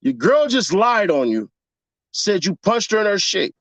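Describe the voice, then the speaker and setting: A man's voice: high-pitched, big pitch swings, measured pace, a bit bright, no room sound. A man in a casual, profane commentary rant, mocking his audience with rhetorical questions. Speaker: commentary vlogger.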